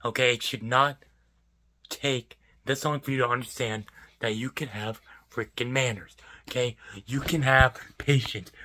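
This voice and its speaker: A young man in a profane, exasperated vlog rant about his fast food job, repeating himself as he vents. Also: mid-range voice, pushed and bright. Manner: exasperated, profane, repetitive ranting. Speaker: fast food worker ranting.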